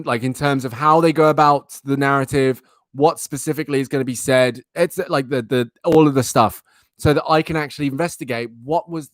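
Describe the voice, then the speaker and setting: A man's voice: mid-range voice, no room sound, clean studio sound. A young man hosting a live stream, chatting animatedly with his viewers. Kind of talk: casual live-stream chat.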